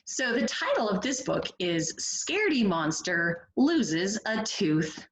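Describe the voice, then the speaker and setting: Animated woman teacher reading to kids. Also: mid-range voice, takes it slowly, a little hiss or hum, low-quality recording. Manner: encouraging, asks children questions, expressive. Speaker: first grade teacher. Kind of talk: read-aloud reading lesson for children.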